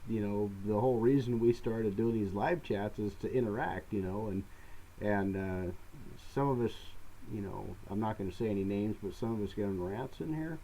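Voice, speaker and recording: A man's voice: lowish voice, normal speed, warm tone, a little hiss or hum, low-quality recording. A man co-hosting a homestead live-stream Q&A with his wife, chatting casually and dropping dry, teasing asides. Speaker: co-host of a homestead live show.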